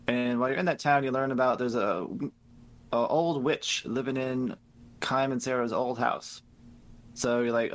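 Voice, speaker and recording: A man co-hosting a casual game review podcast, recapping the plot with lots of swearing and quick impressions of the characters. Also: medium pitch. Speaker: podcast co-host.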